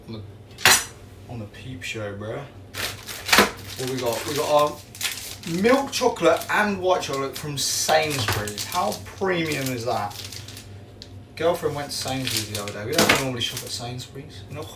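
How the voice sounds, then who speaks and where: A young man chatting casually on a livestream while he bakes, rambling and slangy, poking fun at himself. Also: medium pitch. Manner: rambling, slangy, self-mocking. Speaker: streamer baking on camera. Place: home kitchen. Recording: roomy, distant, clattering kitchen noise.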